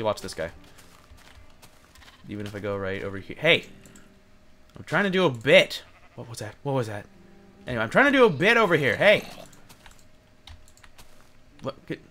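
With a lowish, fairly bright voice, a young gaming video host keeps up rambling Let's Play chatter. He's jumpy and lets out yelps when monsters ambush him.

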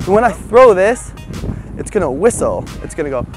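Man, kids' show host, bubbly and goofy, pitch swooping up and down, outdoors, music underneath. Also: unhurried, long pauses. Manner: bubbly, goofy and animated, talks to viewers directly. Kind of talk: kids' educational show presenting. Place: outdoors in a windy field.

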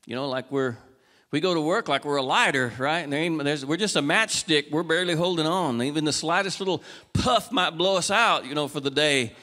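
A man preaching a folksy sermon, asking the congregation questions and moving from quiet, casual talk to raised, urgent calls. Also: a little high, brisk, big-room sound. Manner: swings between soft conversational talk and raised, urgent exhortation. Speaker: pastor. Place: church sanctuary.

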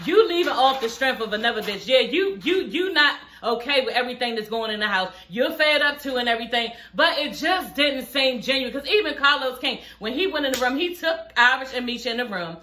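A woman's voice: sits high, animated, brisk, hardly any pauses, bright, forceful tone, roomy sound. A young woman, blunt and profane, recapping a reality show in a casual, sassy chat. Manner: sassy, blunt and profane, laughing through the retelling.

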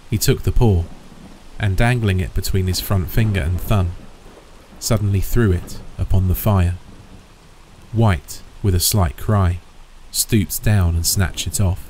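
A man narrating a horror story in a measured, steady way. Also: deep voice, slight background noise, low-quality recording.

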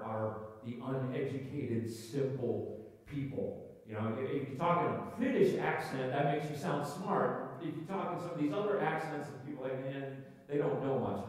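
A man preaching a sermon as pastor, conversational, with frequent restarts, sometimes raising his voice to act out a crowd. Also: darkish tone. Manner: acts out crowd voices with raised pitch. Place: church sanctuary. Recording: echoey hall, from far off.

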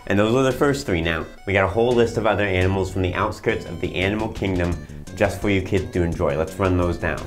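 A man's voice: deep voice, fast talker, faint music behind. A man hosting a comedic infomercial, rambling through his sales patter with fillers and restarts. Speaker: infomercial host.

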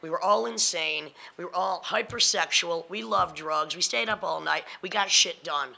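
A woman in her fifties with a gravelly, fry-laden voice and a hard, forceful edge. She talks bluntly and confrontationally, punching her points with profanity as a panelist in front of an audience. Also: fairly low pitch, normal speed, poor audio. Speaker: panelist and spoken word performer. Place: lecture hall panel with audience.

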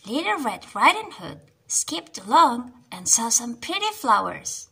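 A young woman reading a children's storybook aloud, animated, with gasps and sudden whispers. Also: on the high side, a little slow, creaky, slightly rough. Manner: animated, gasping, dropping to whispers.

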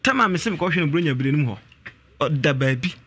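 A man's voice: a little high, animated, fast, fairly bright tone, husky. A man calling in to tell a family story, hesitant and full of fillers. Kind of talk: telling a family story on a call-in.

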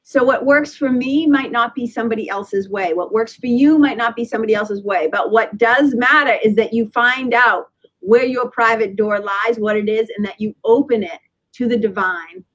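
A woman's voice: on the high side, moderate pace, rough recording. A woman in her fifties, a spiritual teacher speaking as a guest in a podcast interview, earnest and reflective, often laughing and restarting phrases. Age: 50s.

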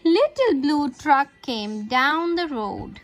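A woman reading a picture book aloud to her child in a slow, sing-song way, making the animal sounds. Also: high-pitched, sing-song, faint music behind.

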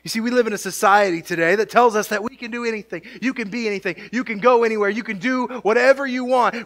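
A man's voice: very high voice, quick pace, few pauses, fairly bright tone. A male pastor preaching a sermon in a church, mixing jokey asides with rising, emphatic build-ups. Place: church sanctuary.

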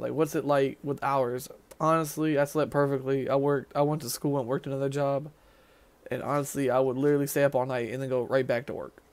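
A young man from Tennessee, talking casually to camera outdoors in a rambling vlog style. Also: medium pitch. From Nashville, Tennessee. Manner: rambling, quick, with fillers and restarts. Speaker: vlogger, haunted house actor.

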